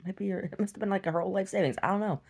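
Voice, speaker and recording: A young adult woman telling a story in a casual, animated vlog rant, laughing and swinging between loud outbursts and hushed asides. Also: mid-range voice, rapid-fire, breathy edge. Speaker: vlogger.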